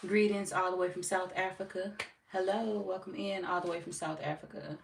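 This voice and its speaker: A low-voiced woman hosting a live tarot stream, talking loosely and swearing freely between readings. She sits back from the mic, so her voice carries a roomy echo over a faint hum. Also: fairly even intonation, moderate pace, vocal fry, far from the mic. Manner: laid-back, swears freely, laughs often. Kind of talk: casual live-stream chat reading comments.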